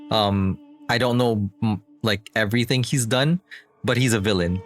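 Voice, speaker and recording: A male streamer talks over his gameplay in a loose, rambling way, restarting sentences and breaking into laughter. His voice sits at an ordinary middle pitch, with faint music playing behind him. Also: a bit bright. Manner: rambling, lots of fillers and restarts, laughs often. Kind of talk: casual gameplay commentary.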